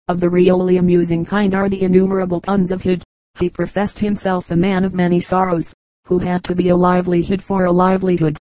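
Female audiobook reader; measured and even, mellow voice. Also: fairly low pitch, no room sound, low-quality recording. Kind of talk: scripted narration.

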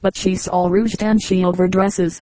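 Brief: woman reader doing a prim, gossipy young lady, disapproving tone, mellow and dry. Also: fairly low pitch, level tone, moderate pace, no echo, close to an everyday voice, low-quality recording. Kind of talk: audiobook character reading.

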